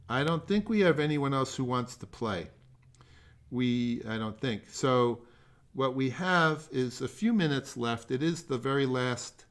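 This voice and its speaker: An older man leading a remote music masterclass over a video call, giving feedback in a halting, rambling way with self-deprecating jokes. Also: medium pitch, fairly bright tone.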